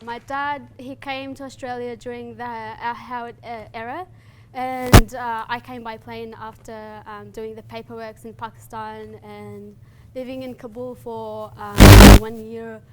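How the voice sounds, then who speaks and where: High-voiced young woman from Afghanistan. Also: level tone, measured pace, very noisy. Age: young adult. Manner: earnest and heartfelt. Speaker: guest speaker and human rights advocate. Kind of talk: spoken-word poem then personal Q&A talk. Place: community meetup room.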